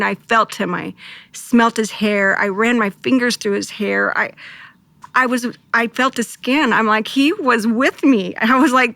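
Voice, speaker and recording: A woman, a co-pastor, telling a deeply emotional personal story in an earnest, heartfelt way, often quoting her own prayers. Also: vocal fry, fairly bright tone, no room sound. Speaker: co-pastor and guest.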